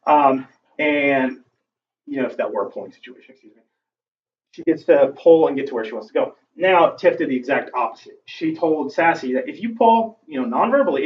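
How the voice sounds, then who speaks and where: In a brisk, animated, medium-pitched voice, a man who trains dogs walks through each step of a casual instructional demonstration, using fillers as he goes. The lo-fi recording is dull and distant, with faint background noise.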